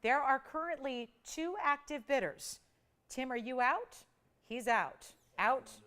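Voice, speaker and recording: A woman hosting a live shopping channel, calling out bids in an energetic, chatty auction patter. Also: sits high. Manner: energetic, rapid bid calling; playful, chatty. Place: TV studio.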